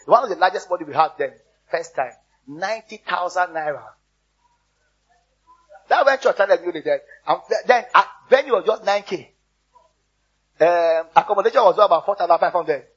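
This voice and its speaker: Male pastor, husky voice, fairly high pitch, muffled recording, exhorting sermon style. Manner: storytelling, repeats words for emphasis, exhorts the congregation.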